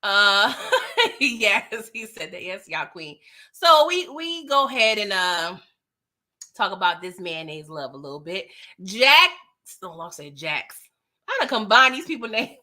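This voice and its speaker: Her voice sits mid-range and is very animated, unhurried, pushed and bright. As host of a laid-back TV recap, she banters with live viewers and performs the characters' lines in a review-style chat.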